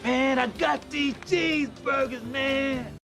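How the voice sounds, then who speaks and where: A pushy grown man beggar whines for change in a very high, gravelly voice, played by a man in a comedy clip. His words come out slow and drawn. Clear music plays under him. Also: shouting, heavily acted. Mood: pleading.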